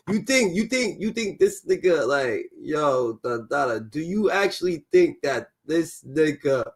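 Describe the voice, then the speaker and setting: High-pitched man ranting in reaction commentary. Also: big pitch swings, slow pace. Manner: loud, profane, repeats filler phrases. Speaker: commentary host.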